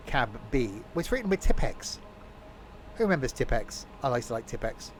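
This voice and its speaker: A man's voice: medium pitch, big pitch swings, moderate pace, slight background noise. A man giving live gameplay commentary as a streamer, rambling and joking to himself as he plays. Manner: rambling, jokey talking to himself. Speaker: game streamer.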